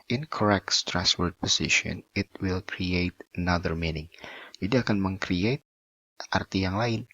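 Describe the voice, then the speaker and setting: A low-pitched man with an Indonesian accent leads an English pronunciation lesson and slips between English and Indonesian. His voice is bright and slightly husky. The audio is dry and a little muffled. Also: dry recording. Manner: mixes English with Indonesian, stretches out example words slowly. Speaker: English teacher. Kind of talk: classroom-style lesson explaining word stress.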